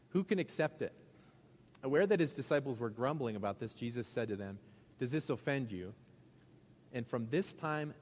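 A man's voice: medium pitch, in a large hall. A male pastor giving a sermon in a conversational, joking way, asking the congregation questions.

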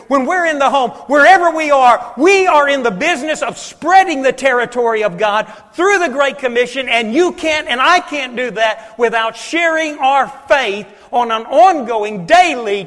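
A man preaching to his congregation in a high, ringing voice. He surges to loud, driving passages and then drops to hushed near-whispers. The church sanctuary around him carries a long, lingering reverb. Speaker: pastor. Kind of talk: sermon.

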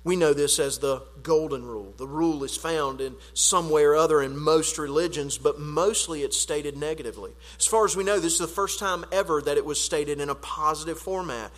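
Earnest preacher in a reverberant hall. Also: male voice, fairly high pitch, a little fast, few pauses. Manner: earnest preaching, building to emphatic peaks then dropping quiet. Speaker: pastor. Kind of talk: sermon.

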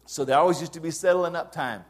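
A man's voice: a little high, fast talker. A male pastor preaching a sermon in an earnest, conversational way, pushing up into emphatic rises to stress his points.

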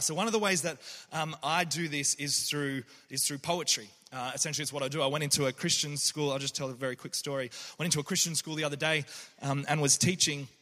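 A man with a bright, forceful voice gives a reflective faith talk and tells stories along the way. He is earnest and keeps restarting his sentences. He sits a little higher than most men, and his voice rings out in a long reverb. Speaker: poet and speaker.

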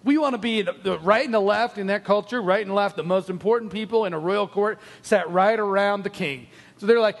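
A man with a high voice preaches a sermon and tells the story with lively energy. He acts out each character's lines and laughs often. His voice carries a long reverb, like a large hall. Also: a little fast, creaky. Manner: animated storytelling, acting out quotes, frequent laughs.

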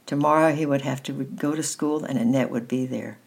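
A woman reading a children's novel aloud in a steady, gentle storytelling manner, with a husky voice. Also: rumbling low, brisk. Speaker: reader.

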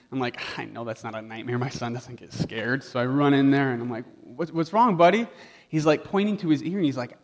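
A young man preaching a sermon as a personal story, talking in a casual, chatty way full of "like" and acted-out dialogue. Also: fairly high pitch. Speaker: pastor.

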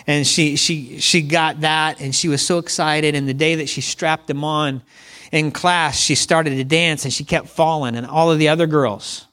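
Preaching man, pitch a bit high. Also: steady tone, moderate pace, a bit bright. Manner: conversational preaching with congregation call-and-response. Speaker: pastor. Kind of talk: sermon.

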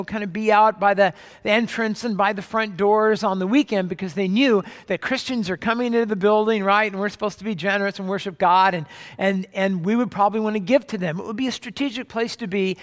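A man preaching a sermon as pastor, in a conversational way with frequent restarts, recorded in a church sanctuary. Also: high-pitched. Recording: long hall reverb.

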